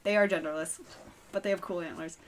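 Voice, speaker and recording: A woman's voice: on the low side, fairly even intonation, fast. A woman running a tabletop game as game master, describing scenes loosely with plenty of fillers.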